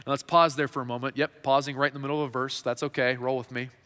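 A man's voice: medium pitch, little pitch movement, quick pace, bright, forceful tone, smooth. A male pastor preaching a sermon in a conversational way, often restarting his sentences. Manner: conversational, with frequent restarts and fillers. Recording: reverberant hall.

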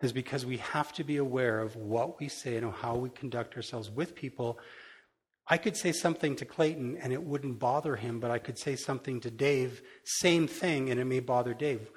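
A man's voice: mid-range voice, moderate pace, slightly rough. A middle-aged man, a pastor, giving a conversational sermon that is candid and self-deprecating, with casual storytelling full of restarts.

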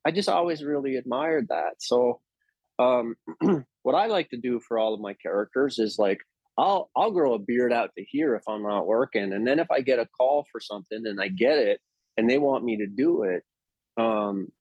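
A male actor telling stories in a casual interview, animated and often restarting his sentences. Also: medium pitch, moderate pace, slightly rough, no echo, lo-fi sound. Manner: anecdotal, animated, with frequent restarts.

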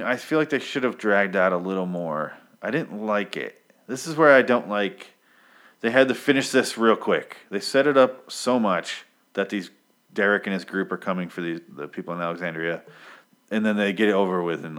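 A young man with a deep, low voice talks through a comic book's plot in a loose, rambling way. He swears often and is quick to give blunt opinions. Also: fairly bright tone. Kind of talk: casual comic book recap.

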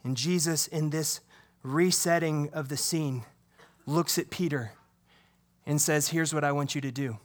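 Man, pastor, animated sermon, high voice, acts out dialogue. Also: a little slow. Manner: animated preaching, acts out dialogue, asks the congregation questions.

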